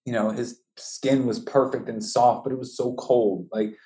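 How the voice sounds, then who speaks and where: Grieving man with a mellow voice. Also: medium pitch, steady tone. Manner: halting, emotional, many restarts. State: voice breaking, high and strained with grief. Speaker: bereaved father telling his story. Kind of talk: personal storytelling interview.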